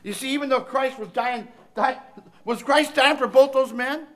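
In a very high-pitched voice at normal speed, a man delivers a sermon full of emphatic repetition, shifting from shouted fervor down to hushed tenderness.

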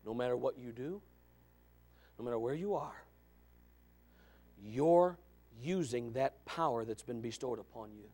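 A male pastor preaching a fiery sermon, swinging from shouts to low asides. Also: lively intonation, a little slow, long pauses.

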